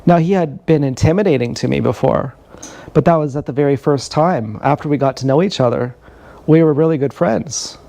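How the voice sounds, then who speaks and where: Gravelly profane man in his thirties. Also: fairly high pitch, fairly quick, dark tone. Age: 30s. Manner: rambling, profane, confessional. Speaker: streamer. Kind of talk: casual storytelling monologue. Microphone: action camera.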